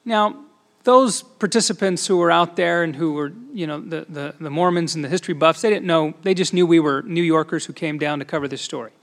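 A man's voice: a little high, fairly quick. Storytelling middle-aged man, emphatic. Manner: storytelling, acts out dialogue, shifts between soft asides and loud emphasis. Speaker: speaker at a church gathering, former TV news reporter. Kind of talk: sermon-style personal story.

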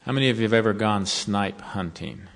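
A man giving a sermon to college students, telling a folksy story and then slowing to earnest counsel. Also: fairly low pitch, a bit bright. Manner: storytelling, turning slow and earnest. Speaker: devotional speaker to college students. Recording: long reverb of a large hall.

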